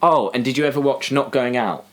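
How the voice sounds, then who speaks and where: A man's voice: medium pitch, brisk, a bit bright, a little hiss or hum. Young man, enthusiastic chat. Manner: enthusiastic, lists examples, finishes the other's sentences. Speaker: podcast co-host. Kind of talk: casual chat.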